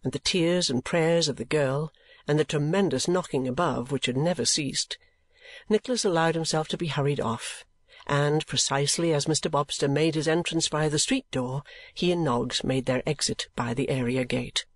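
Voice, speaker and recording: A man reading a classic novel aloud as an audiobook, in measured, even scripted narration. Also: fairly high pitch, no room sound. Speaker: audiobook reader.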